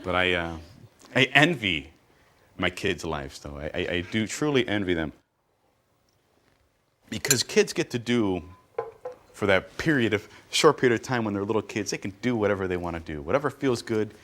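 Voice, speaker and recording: A man's voice: on the low side, moderate pace. A middle-aged man performing a stand-up comedy routine, telling stories with punchy asides. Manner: animated storytelling with punchy asides.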